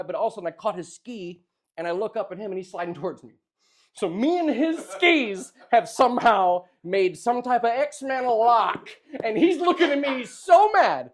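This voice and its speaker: Animated young man telling a story. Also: high-pitched. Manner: animated, laughing, acts out voices. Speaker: podcast host telling a story. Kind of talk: casual storytelling.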